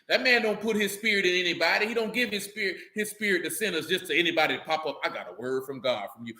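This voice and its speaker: A man's voice: high voice, sharp tone. A man leading a casual religious talk to a group, slangy and joking, with frequent asides. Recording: echoey room.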